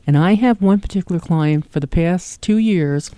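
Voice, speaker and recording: A woman's voice: lowish voice, normal speed, mellow, no room sound. A woman with a South Jersey accent hosting a radio travel segment in an enthusiastic, chatty way. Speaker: radio show host, travel agent. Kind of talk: casual radio chat.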